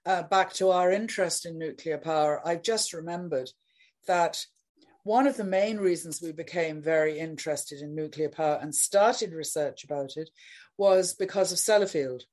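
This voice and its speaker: An older woman recalls the past in an easy, deliberate way, pausing now and then to hunt for a word. Her voice sits a little low for a woman. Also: a little mellow. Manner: deliberate, reminiscing, searches for words. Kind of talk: casual chat.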